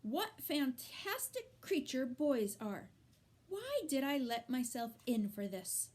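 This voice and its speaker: A woman's voice: high voice, sing-song, slow pace, a little mellow, pitched above the performer's own voice, exaggerated voice. A woman reading aloud and voicing a grumpy male rat who grumbles and complains. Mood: disgusted.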